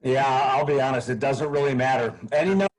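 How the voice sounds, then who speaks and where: A man being interviewed as a sales trainer, explaining his methods in an energetic, animated way. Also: mid-range voice, fast talker, rough recording. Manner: animated, acts out phone calls in a bright raised voice.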